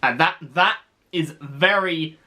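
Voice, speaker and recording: Speaking to camera in a chatty, rambling way with restarts, a UK man explains costs. His voice is a little high, bright and forceful, and he takes it slowly.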